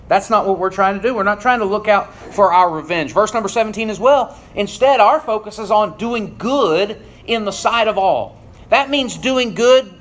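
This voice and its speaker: A man preaching a sermon, reading scripture and then explaining it earnestly and emphatically, often dropping low at the ends of phrases.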